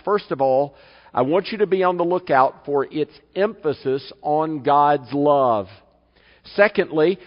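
Male pastor, fairly high voice, unhurried sermon delivery, dull reverberant hall sound. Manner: measured preaching with slow, emphatic scripture reading. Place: church sanctuary.

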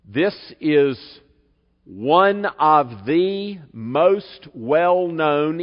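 Male pastor, fairly high voice, unhurried sermon delivery, dull reverberant hall sound. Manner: measured preaching with slow, emphatic scripture reading. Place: church sanctuary.

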